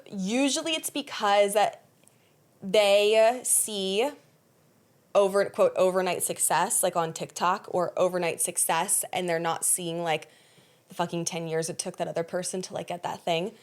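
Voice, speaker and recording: A woman's voice: mid-range voice, a little slow. Blunt, swearing woman podcast host. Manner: blunt, swears often, animated laughing. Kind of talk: casual podcast conversation.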